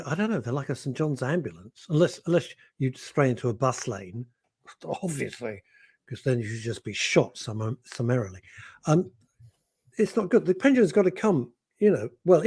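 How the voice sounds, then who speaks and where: A man co-hosting a radio show, his voice dark and husky. He rambles wryly, reads listener comments and loses his thread, speaking into a studio mic. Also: on the high side. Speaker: radio co-host. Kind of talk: casual radio chat.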